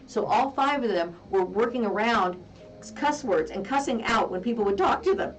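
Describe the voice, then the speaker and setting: Lively woman telling funny stories. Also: a little high, normal speed. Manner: animated storyteller who mimics voices and laughs often. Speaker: co-host. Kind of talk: casual chat. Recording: distant mic.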